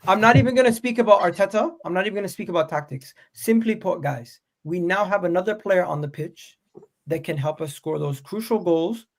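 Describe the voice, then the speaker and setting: A man with a North American accent argues about football with a high voice. He is insistent and keeps restarting words. He sounds like a podcast host making his case. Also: brisk. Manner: insistent, stammers and repeats himself when arguing. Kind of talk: heated football debate.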